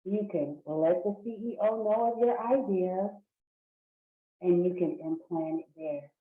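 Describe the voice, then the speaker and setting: A woman hosting a casual talk on hypnosis, explaining in a lively, slangy way and acting out little scenes. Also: on the low side, measured pace. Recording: echoey, tinny phone-like sound.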